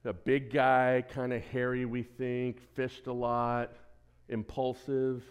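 A man preaching a sermon as pastor, lively and conversational, who quizzes the congregation and throws in joking asides. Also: mid-range voice, slow pace, clean tone. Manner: lively, asks the congregation questions, self-deprecating asides.

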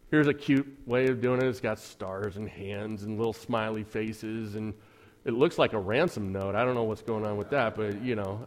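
Sarcastic male pastor preaching conversationally. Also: fairly high pitch. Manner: conversational, rhetorical questions, dry sarcasm. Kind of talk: sermon. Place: church.

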